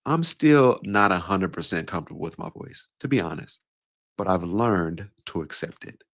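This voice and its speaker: Deep-voiced man in his thirties, podcasting. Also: expressive, moderate pace, a bit bright. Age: 30s. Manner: conversational, acts out quoted voices with playful swings. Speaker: podcast host and speaking coach. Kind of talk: casual solo podcast talk.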